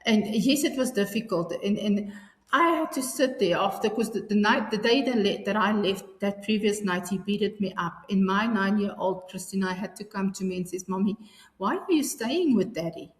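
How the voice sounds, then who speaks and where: A woman's voice: mid-range voice, moderate pace. A woman, telling her story earnestly in an interview, often restarting her sentences. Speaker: guest. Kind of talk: personal interview. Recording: echoey room with long reverb.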